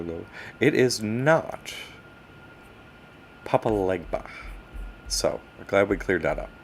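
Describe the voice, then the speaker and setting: He's a livestream host with a lowish voice who takes things slowly and pauses often, chatting animatedly with viewers while struggling with his screen. The audio carries a slight hiss or hum.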